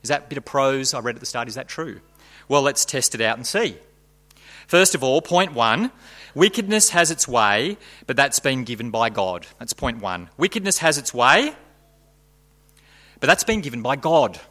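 A man's voice: medium pitch, very animated, normal speed, bright, forceful tone. A man leading a prayer and preaching a sermon, talking through his points with rhetorical questions in a conversational way. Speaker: pastor. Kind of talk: sermon with dramatic reading.

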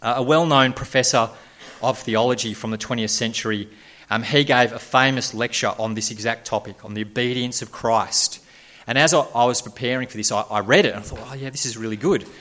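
Dramatic bright-voiced preacher. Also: male voice, mid-range voice, a little fast. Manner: dramatic, builds to loud emphatic peaks then drops soft. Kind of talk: sermon.

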